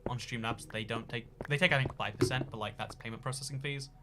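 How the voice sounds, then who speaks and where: A man's voice: medium pitch, fairly even intonation, quick pace, background noise. A man hosting a casual livestream and reading out chat donations. He talks in a rambling, jokey way, full of fillers and restarts.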